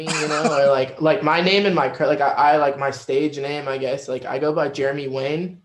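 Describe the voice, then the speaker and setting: A man's voice: medium pitch, steady tone, brisk, few pauses, echoey room, noisy background. Chatty male podcast guest. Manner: chatty, rambling, lots of fillers. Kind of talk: casual podcast conversation.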